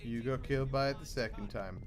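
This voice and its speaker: A man's voice: medium pitch, a little fast, background noise. A man with a British accent giving casual let's play commentary, chatty and full of joking asides. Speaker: gaming streamer.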